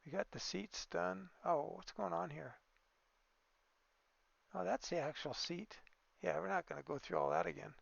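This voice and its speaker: A man with a heavily gravelly voice talks through a truck-building game in an easygoing, off-the-cuff way, thinking aloud as he goes. The sound is dry and a little dull, recorded close on a desk microphone. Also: on the high side, very animated, moderate pace, pauses often, dry recording. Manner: easygoing, thinking aloud with fillers and small exclamations. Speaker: gaming video creator. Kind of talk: casual gameplay commentary.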